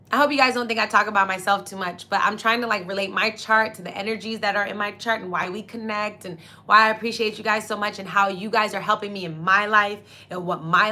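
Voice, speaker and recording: Bright-voiced young woman gushing to viewers. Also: medium pitch. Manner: effusive, grateful, talks to viewers directly. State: tearful with happiness. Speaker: astrology livestream host. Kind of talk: casual emotional astrology talk.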